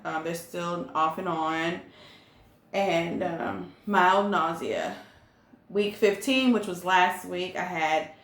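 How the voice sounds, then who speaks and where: Young woman vlogger, slow and easygoing, low-ish voice, echoey room sound. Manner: chatty, relaxed, many ums and likes. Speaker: pregnancy vlogger. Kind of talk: casual chat to camera.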